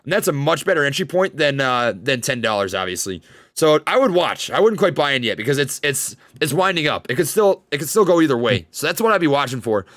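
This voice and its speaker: Fast-talking Minnesota man hosting. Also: mid-range voice, no room sound, studio quality. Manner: fast-talking, energetic hype. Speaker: podcast host. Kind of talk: casual trading livestream chat. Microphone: studio desk microphone.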